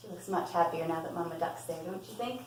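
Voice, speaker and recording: A woman's voice: lowish voice, fast, a little hiss or hum. A woman preschool teacher reading a story aloud to young children and leading them in play, asking sing-song questions. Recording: echoey room, voice from far off.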